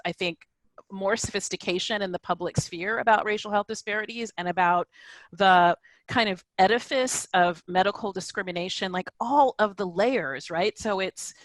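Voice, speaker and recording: A woman's voice: mid-range voice, dry recording, low-quality recording. A woman social scientist on an online panel, speaking thoughtfully with frequent "you know" and "right?" checks. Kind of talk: academic panel discussion.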